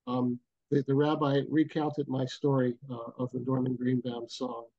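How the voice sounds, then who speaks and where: A mellow, warm-voiced older man telling a story at an unhurried, reflective pace. The video call audio is dull and lo-fi, and the sound is dry and close. He pauses often as he recalls the details. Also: medium pitch, completely flat delivery, gravelly, no room sound. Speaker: guest, booking agent. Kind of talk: storytelling interview. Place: home, bridge view behind.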